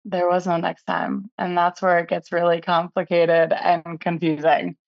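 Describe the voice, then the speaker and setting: A woman's voice: fairly low pitch, little pitch movement, a little slow, gravelly, no room sound, dull audio. A woman calling in to an advice show, telling her story in a chatty way with lots of quoted dialogue. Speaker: caller. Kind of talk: casual storytelling.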